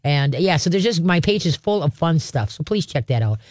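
A man's voice: a little high, big pitch swings, a little fast, no room sound. A man hosting a call-in radio show about dogs, giving folksy, chatty advice and checking in with "okay?" and "all right?" as he goes. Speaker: radio show host, dog trainer.

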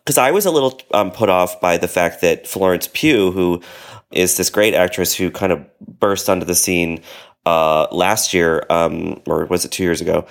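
A man with a very deep voice and a gravelly, fry-laden edge, trading casual film talk as a podcast co-host. He talks loosely, hedging and circling back with frequent restarts, and his voice sits low throughout. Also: normal speed.

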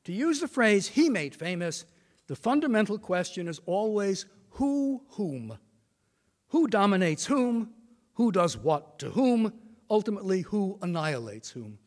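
An older man delivering a formal lecture in a large hall that rings with long reverb. His voice sits high for a man and moves animatedly up and down as he leans on quoted passages with measured emphasis. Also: big pitch swings. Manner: measured, reads quotations with emphasis.

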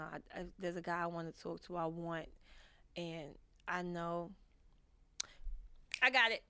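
A woman's voice: medium pitch, a bit bright, no echo. Candid rambling woman vlogger, dry sound. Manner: candid, rambling, lots of fillers and restarts; frank and profane. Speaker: vlogger answering viewer questions. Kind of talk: casual advice chat.

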